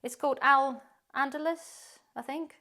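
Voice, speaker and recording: A woman's voice: high voice, fairly even intonation, unhurried, pushed and bright. A woman, giving a chatty, rambling tour of her pantry and laughing often. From UK-based. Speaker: prepping vlogger.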